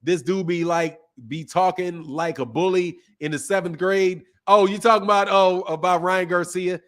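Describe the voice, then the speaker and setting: Man, high voice, slangy casual livestream host, laid-back, sore throat. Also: fairly even intonation, moderate pace, fairly bright tone. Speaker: boxing channel host. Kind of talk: casual livestream chat reading super chats.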